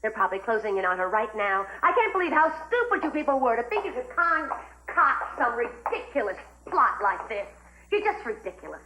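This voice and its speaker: A woman's voice: a little high, big pitch swings, a little fast, sharp tone, rough recording. An actress playing a spiteful, scheming woman in a 1980s TV soap, sneering and taunting. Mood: gloating.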